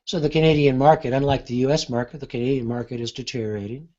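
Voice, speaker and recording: A man giving an unscripted software demonstration, thinking aloud with frequent pauses and fillers. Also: medium pitch, steady tone, muffled recording. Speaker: market analyst demonstrating software. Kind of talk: unscripted screen-share demo.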